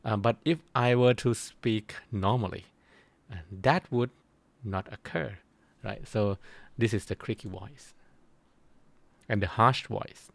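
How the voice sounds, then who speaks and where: A man giving a recorded university lecture, explaining slowly and pausing often to search for his words. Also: lowish voice, gravelly, dry recording. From Thailand. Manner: slow, halting explanation with frequent pauses to search for words.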